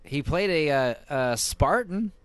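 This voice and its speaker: A man's voice: on the high side, unhurried, dry recording. A young adult man hosting a casual movie watch-along, joking and swearing a lot. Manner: animated, profane, jokey. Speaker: host.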